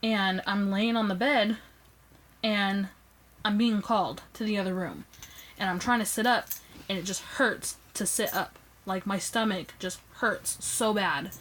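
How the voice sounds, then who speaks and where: A young woman tells a personal story straight into her phone camera, chatty and expressive. She acts out the quoted lines by pushing her voice up, and her mid-range pitch moves a lot from line to line. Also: measured pace, low-quality recording. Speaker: vlogger.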